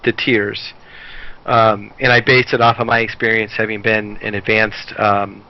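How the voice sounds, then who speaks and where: Low-pitched male panelist, explanatory, casual, lo-fi audio. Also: level tone, measured pace. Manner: explanatory, restarts often. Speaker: podcast panelist. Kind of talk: casual discussion. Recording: dull lo-fi audio.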